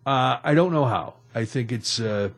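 A man's voice: medium pitch, moderate pace. A man hosting a radio talk show, recapping odd news stories in a jokey, rambling way from a studio.

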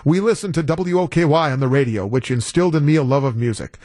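A man's voice: fairly high pitch, quick pace, darkish tone, no echo, studio quality. A man guest-hosting a talk radio show, telling a story in a wry, incredulous way. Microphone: studio broadcast mic.

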